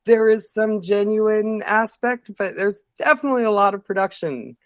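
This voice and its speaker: A man in his thirties telling stories as a podcast guest in a casual, rambling way, full of fillers and lively impressions of other people. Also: sits high, normal speed, dry recording. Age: 30s. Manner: rambling, filler-heavy, animated quoting of others. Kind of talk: casual storytelling interview. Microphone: podcast studio mic.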